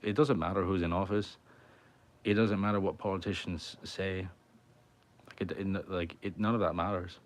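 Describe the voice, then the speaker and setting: A man's voice: deep voice, fairly even intonation, moderate pace. A man musician chatting casually on a livestream from his home, rambling and swearing a lot. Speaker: musician streamer.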